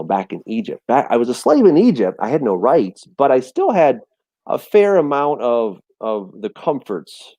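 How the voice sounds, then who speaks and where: A man in a casual Bible discussion, animated and storytelling, often repeating words as he restarts. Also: mid-range voice, no echo. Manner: animated storytelling, acts out voices and quotes. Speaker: teacher of a Bible study show.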